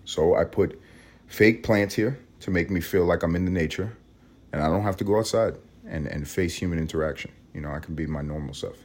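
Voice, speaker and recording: A man from Harlem with a vocal-fry voice, rambling casually and profanely in a room at home early in the morning. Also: fairly quick, a little mellow. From Harlem, New York. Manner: rambling, profane, low-key. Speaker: podcast host.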